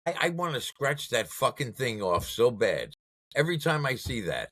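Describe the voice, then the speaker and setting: A man who is a guest on a podcast, in casual political chat. He talks bluntly and swears often. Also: normal speed. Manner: blunt and profane, with lively swings of pitch.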